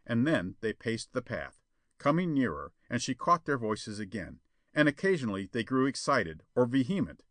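Expressive male audiobook narrator. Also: medium pitch, no echo. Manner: expressive, lively storytelling. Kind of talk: audiobook reading of a pulp adventure tale.

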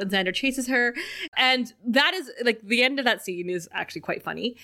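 Animated and quick to laugh, a young podcast co-host chats casually through an episode recap, performing quotes in lively voices. Her voice is a little high, and her speed is normal.

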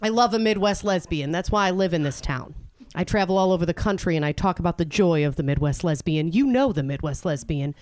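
A woman's voice: on the low side, lively intonation, fairly quick, few pauses, darkish tone. A woman doing a brash, crude stand-up set on a club stage, working the crowd with a handheld mic while the audience laughs. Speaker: stand-up comedian. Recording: live club recording with crowd noise.

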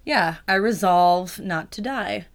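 A woman's voice: mid-range voice, takes it slowly. A young woman co-hosting a podcast, teasing her co-host in a playful way, with lots of "like" and "um". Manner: playful, teasing, filler-heavy. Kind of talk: casual chat.

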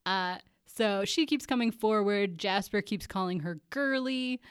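A woman's voice: medium pitch, unhurried, clear, resonant tone, no room sound, clean studio sound. A woman co-hosting a podcast, recapping a TV episode in casual chat and laughing often. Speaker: podcast co-host.

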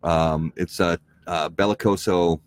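Deep-voiced man in casual chat. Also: a little slow, no echo. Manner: relaxed, rambling, many fillers. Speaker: podcast co-host.

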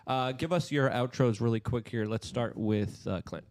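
Halting man hosting a podcast. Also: mid-range voice, a little mellow. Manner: halting, filler-heavy, restarts. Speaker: podcast host. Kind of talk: casual podcast chat.

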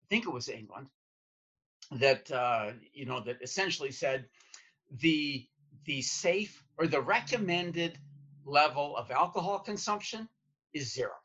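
Raspy bright male host. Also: on the high side, expressive, a little slow. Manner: hesitant, stammering starts. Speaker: podcast host. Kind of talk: podcast conversation. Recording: dull lo-fi sound.

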